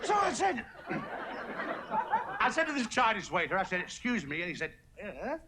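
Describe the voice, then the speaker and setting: A hoarse man giving an after-dinner comedy speech as guest of honour, trading deadpan one-liners and self-mocking asides in front of a lunch audience. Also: high voice, normal speed, very noisy. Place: banquet hall before a lunch audience. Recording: muffled archive recording, echoey banquet hall, loud laughing crowd.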